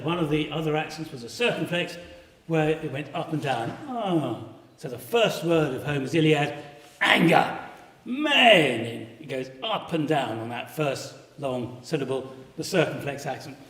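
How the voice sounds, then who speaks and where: A man lectures on classics to a live audience, keeping it animated and slipping into brief sung demonstrations. His voice sits slightly high for a man. It arrives from far off, washed in the long reverb of a large hall. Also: normal speed. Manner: animated, sings short pitch examples to illustrate. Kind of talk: live public lecture with slides. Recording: echoey hall, voice picked up from afar.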